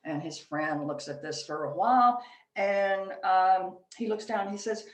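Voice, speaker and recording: A woman's voice: medium pitch, measured pace. A woman giving a workplace leadership presentation at a chapter meeting, talking conversationally and telling stories with frequent fillers. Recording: echoey room, distant from mic.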